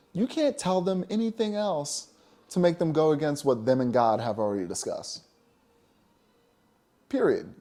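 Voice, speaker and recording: Emphatic man with a mellow voice. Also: mid-range voice. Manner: emphatic, preachy, with frequent "you know?". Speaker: podcast co-host. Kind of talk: casual spiritual conversation.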